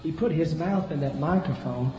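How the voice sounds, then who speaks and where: A man preaches in an echoey hall, spinning a humorous story in a folksy manner, repeating himself often and speaking directly to his listeners. His voice is fairly high and dark-toned, delivered at a normal speed. The lo-fi recording sounds dull and carries faint noise.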